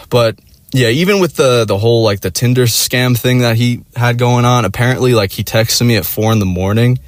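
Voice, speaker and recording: A man's voice: medium pitch, moderate pace, no echo. A man telling a story in casual chat, swearing constantly and padding with "like" and "you know," acting out his friends' lines. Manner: profane, rambling, full of "like" and "you know"; animated, acts out friends in quoted voices.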